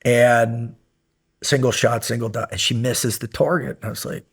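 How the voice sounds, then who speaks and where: A man's voice: mid-range voice, moderate pace, gravelly, husky. Rambling, profane middle-aged man telling war stories. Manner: rambling anecdotes with many fillers, profane and animated when recounting yelling. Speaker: podcast guest, former SEAL instructor. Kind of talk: casual storytelling interview.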